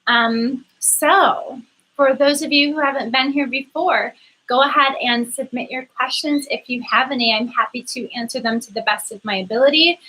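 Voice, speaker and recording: A woman's voice: high-pitched, normal speed, pushed and bright, poor audio. A woman coaching spiritual topics on a livestream, talking casually and earnestly to viewers with frequent ums and restarts. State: getting emotional. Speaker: spiritual coach hosting a live chat.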